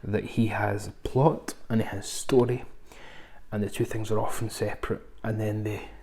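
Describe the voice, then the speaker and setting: A man's voice: on the low side, flat delivery, normal speed, vocal fry, dark tone. A man reviewing films in a casual, rambling way, full of ums and asides. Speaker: film reviewer. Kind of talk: casual film review chat.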